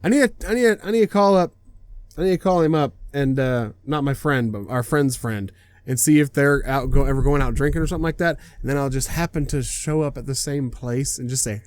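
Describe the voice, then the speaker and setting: A man hosting a reaction video, chatting casually in an excitable, rambling way and laughing often. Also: a little high, fast talker, no echo.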